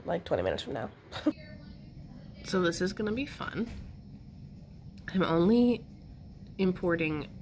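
A young Californian woman vlogs casually to camera at home in a medium-pitched voice that's gravelly and a little mellow, with a slightly stuffy nose and a bit of hiss or hum. She's chatty and rambling, self-deprecating and laughing at herself.

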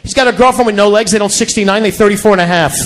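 A male stand-up comedian doing a crude, profane club routine on stage, yelling his punchlines into a handheld mic. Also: sits high, very fast.

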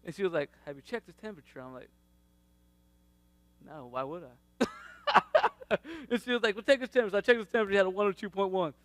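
Speaking very fast in a high-sitting voice, a roughly thirty-year-old man gives a lively, informal faith testimony about his family with no echo in the audio. He laughs frequently and performs the lines other people said.

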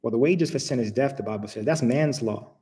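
Man, preacher, conversational sermon, mellow tone, long reverb tail. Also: medium pitch, a little fast. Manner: conversational, rhetorical questions. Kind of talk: informal online sermon.

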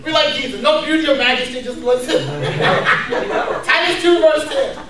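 A man preaching a lively sermon to a congregation, laughing often and calling out for responses. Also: very high-pitched, measured pace, a crowd in the background. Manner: energetic, laughing, calls for responses. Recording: very echoey room from far off.

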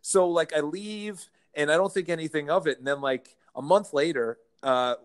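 A man, a real estate firm founder, telling animated anecdotes as a guest in a casual interview. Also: a little high, moderate pace, clear, resonant tone. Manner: animated anecdotes, playful mimicking of others.

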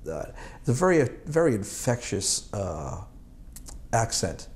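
A man's voice: fairly low pitch, very animated, measured pace, darkish tone. A man in his sixties from Boston, an Army veteran recalling his service in an oral history interview, rambling and chuckling with many fillers and restarts. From Boston, United States.

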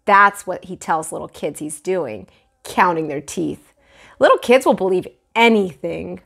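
Fields: expressive woman teacher reading aloud. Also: on the low side, a little slow, creaky. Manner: warm, expressive storytelling. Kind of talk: children's read-aloud narration.

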